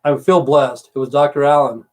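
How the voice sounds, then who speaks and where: A man's voice: medium pitch, steady tone, normal speed. A man in his fifties or sixties from the United States, rambling bluntly and swearing freely while chatting to viewers on a home livestream. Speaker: livestream host. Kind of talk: casual livestream rant. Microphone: computer mic on a livestream.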